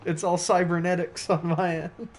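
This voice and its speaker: A man's voice: sits high, little pitch movement, moderate pace. A man in casual voice chat with gaming friends, laughing often and bantering playfully. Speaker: gamer chatting with friends.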